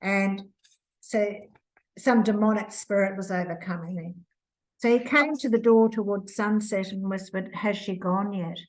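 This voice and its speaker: Slow-spoken older New woman. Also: mid-range voice, poor audio. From New Zealand. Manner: slow, reflective, emotional retelling with restarts. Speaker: author, interview guest. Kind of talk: personal storytelling.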